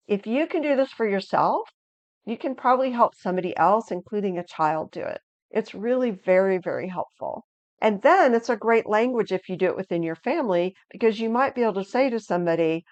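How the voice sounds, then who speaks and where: A woman leads a video lesson on emotions in an energetic, inviting voice. She sits at a mid pitch for a woman. The recording is dry, close and a little dull. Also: no echo. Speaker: resilience educator.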